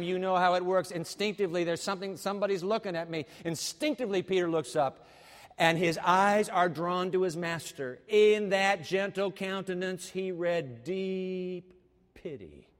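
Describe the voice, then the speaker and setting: Male preacher, sermon, high voice, dramatic loud-to-soft swings, long hall reverb. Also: a little slow.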